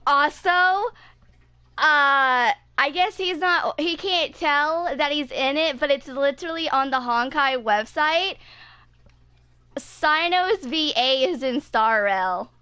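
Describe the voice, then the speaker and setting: A woman's voice: high-pitched, pushed and bright, no room sound. A woman in her twenties chatting casually with viewers while streaming a game, full of fillers like "like" and "dude.". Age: 20s. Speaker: gaming streamer. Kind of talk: casual live-stream chat.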